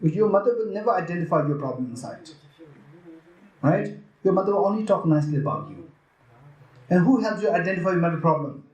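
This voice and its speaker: A male Buddhist teacher with a Tibetan accent addresses a retreat audience in a fairly high voice. He teaches in a lively way, firing questions at the room and acting out the voices of others. The sound is roomy and echoey. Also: fairly quick, pauses often.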